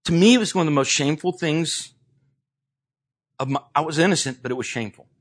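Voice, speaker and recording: A man's voice: on the high side, fast talker. A male pastor preaching a sermon, telling a personal story with dramatic swings, then leading a fervent prayer full of repeated words. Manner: repeats words when building intensity.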